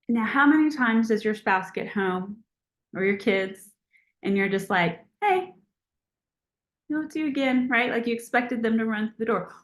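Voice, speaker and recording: A woman leading a motivational team call over a video call in a chatty, encouraging, animated way. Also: fairly high pitch, echoey room. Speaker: team leader hosting a call.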